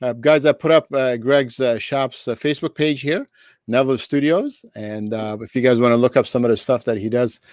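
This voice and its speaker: A man running a casual interview over a video call. He is friendly and sums up his guest's points back to him. His voice sits at an ordinary pitch and sounds dry and close. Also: fairly even intonation, moderate pace, darkish tone, no room sound. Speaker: interview host.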